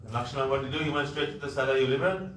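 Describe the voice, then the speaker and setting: A male preacher tells a devotional story in an animated way, acting out the dialogue and explaining terms as he goes. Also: mid-range voice, very fast. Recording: echoey room, mic far off, faint noise.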